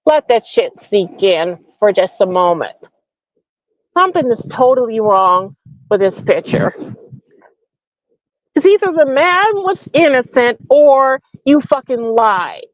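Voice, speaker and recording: Woman host, comedic rant; sneering, profane, slow delivery, dull lo-fi sound. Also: on the high side, very animated, dry recording. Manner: mocking, profane, full of rhetorical questions. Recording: dull lo-fi recording.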